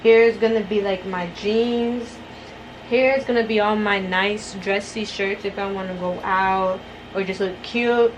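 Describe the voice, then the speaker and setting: A woman's voice: mid-range voice, steady tone, unhurried, background noise. Chatty young woman vlogging from her bedroom. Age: young adult. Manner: chatty and rambling, addresses viewers as y'all. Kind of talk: casual vlog chat.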